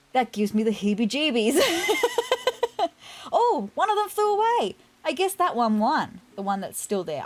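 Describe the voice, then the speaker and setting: A woman's voice: mid-range voice, darkish tone. A woman casually commenting as she plays a life-sim game, chatty and a bit squeamish, thinking aloud as she explores. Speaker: gaming YouTuber. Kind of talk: casual let's play commentary.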